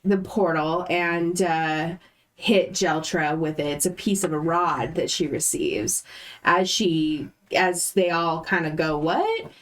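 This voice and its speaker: A woman's voice: low voice, fairly even intonation, slow pace. A woman casually recapping a tabletop game session, hesitant with lots of ums and restarts, heard from a distant mic. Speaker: player recapping the last session.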